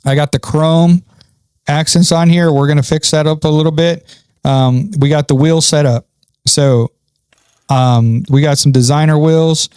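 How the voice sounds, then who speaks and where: A man's voice: a little high, fairly even intonation, moderate pace, a little mellow, smooth, no echo. A man talking casually through a farming game setup, thinking aloud with frequent ums. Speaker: gaming channel host. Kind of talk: casual gameplay commentary.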